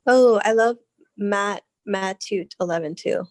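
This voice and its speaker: A woman in her thirties in casual conversation, chatty and animated, laughing often and restarting her sentences. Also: mid-range voice, unhurried, no echo. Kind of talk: casual chat.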